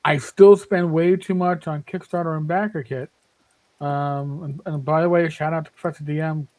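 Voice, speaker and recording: A man's voice: a little high, fairly even intonation, normal speed, a little mellow, low-quality recording. A man in his fifties talking emphatically in a casual podcast chat, often repeating words as he starts a thought. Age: 50s. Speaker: panelist.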